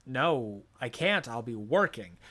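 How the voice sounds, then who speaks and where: A man's voice: mid-range voice, sing-song, slow pace, sharp tone, voice pushed down, heavily acted. A man playing a weary divorced police officer who feels sorry for himself, retelling a game scene. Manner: tired, self-pitying. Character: weary divorced father, male cop.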